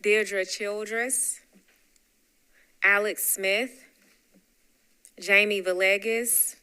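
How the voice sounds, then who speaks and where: Southern woman running a council roll call; clear, bright tone, casual asides. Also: medium pitch, steady tone, very slow. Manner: warm, chatty asides between names. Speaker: council chair. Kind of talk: public meeting roll call. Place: council meeting room.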